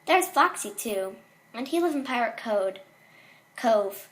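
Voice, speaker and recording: A woman's voice: a little high, expressive, measured pace, fairly bright tone. A woman reading a horror story aloud in a casual way, with small slips and restarts.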